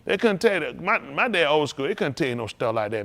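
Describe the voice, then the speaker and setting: Animated preacher man, lively pitch. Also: fast talker, few pauses. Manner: animated, calls to the congregation, teasing asides. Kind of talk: sermon.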